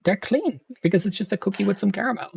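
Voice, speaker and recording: A man's voice: high-pitched, quick pace, gravelly, darkish tone, husky, dry recording. A man being interviewed as a guest streamer, chatting with enthusiasm and often repeating words as he talks. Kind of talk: casual interview chat.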